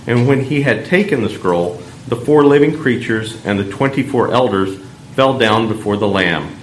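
A man reading scripture aloud in church, measured and solemn. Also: mid-range voice, lively intonation. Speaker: lector. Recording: echoey church room, faint background hum.

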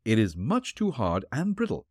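Give me a shrewd, calm male detective, read by a man in a dry, deliberate way. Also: mid-range voice, slightly rough, dry recording, voice pushed up.

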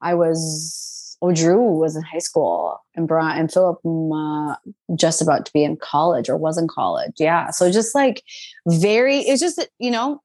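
A woman in her twenties telling a personal story in a casual, animated, chatty way, full of fillers. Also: low-pitched, measured pace, no echo.

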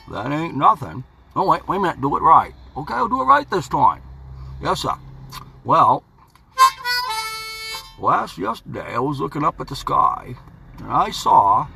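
Lively folksy man musing aloud. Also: on the high side, gravelly. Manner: folksy, playful, talks to himself. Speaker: podcast host. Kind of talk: rambling motivational monologue. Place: home studio.

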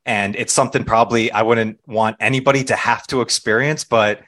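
A man hosting a podcast interview in a relaxed, casual way. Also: mid-range voice, fairly quick. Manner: relaxed, laid-back with fillers. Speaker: podcast host.

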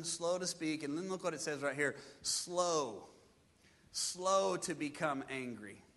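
A pastor preaching a sermon with lively delivery, acting out his listeners' excuses in changing voices. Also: on the high side, long reverb tail. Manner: animated preaching, mimics congregants' excuses.

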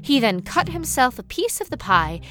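A woman narrating a children's storybook in a measured, expressive way. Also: sits high, faint music behind. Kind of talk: storybook reading.

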